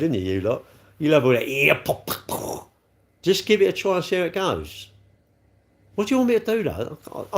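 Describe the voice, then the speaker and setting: A middle-aged man, talking casually to viewers on a live stream. His pitch bounces around a lot, and he is blunt and quick to poke fun at himself. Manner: chatty, blunt, self-mocking, laughs often. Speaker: livestream host, car dealer. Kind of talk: casual livestream chat reading comments.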